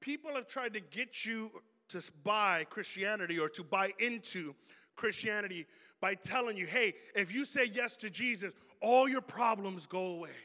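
A man's voice: sits high, normal speed, sharp tone. A young man preaching a youth sermon in a casual, slangy way, quizzing the audience as he goes. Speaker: youth pastor. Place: large hall with audience. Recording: reverberant hall.

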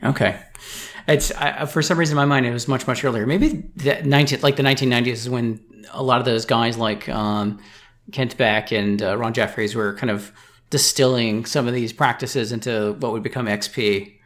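Measured, thoughtful male podcast co-host. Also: mid-range voice, fairly even intonation, fairly bright tone. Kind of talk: casual podcast chat.

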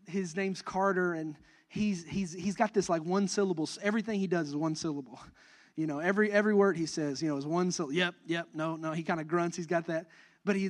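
Young guy pastor, pretty high voice, preaching a sermon, gets loud and fired up on the big points. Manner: animated preaching that swells to emphatic, near-shouted peaks.

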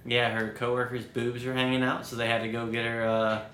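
Man, podcast co-host, relaxed halting chat, roomy echo, faint noise behind. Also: medium pitch. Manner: relaxed, halting with many fillers. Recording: echoey room, faint noise.

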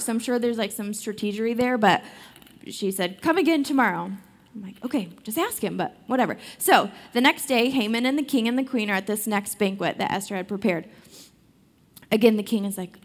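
A woman's voice: fairly high pitch, fairly quick. A young adult woman giving a casual devotional talk on a Bible story, chatty, with many fillers and restarts. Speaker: Bible study speaker.

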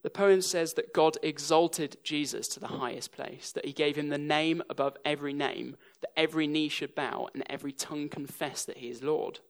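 A man's voice: a little high, steady tone, normal speed, few pauses. A young English man preaching a sermon, telling stories with a dry sense of humour. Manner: dry humour woven into storytelling.

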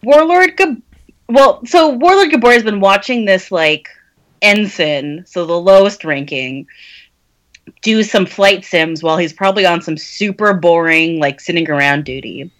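A woman's voice: on the low side, expressive, a little slow. A woman co-hosting a podcast, casually recapping plot and laughing often. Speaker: podcast co-host summarizing the book. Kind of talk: casual chat.

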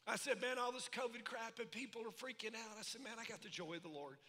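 A man preaching a sermon, folksy and animated, calling out to his congregation. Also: extremely high pitch, fast. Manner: animated, folksy preaching with call-and-response asides. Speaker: pastor. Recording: echoey hall reverb.

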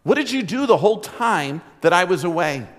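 A pastor playing a stern, demanding dad. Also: male voice, high-pitched, big pitch swings, fairly quick, in a large hall. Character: stern father scolding his two boys.

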